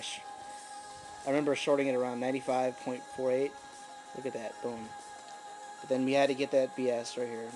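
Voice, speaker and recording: Man, 30s, trader, casual chart commentary, mutters then gets animated, mid pitch, faint background music. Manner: thinking aloud, murmuring ticker names, bursts of excitement. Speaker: stock trader reviewing charts. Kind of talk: casual screen-recorded market commentary.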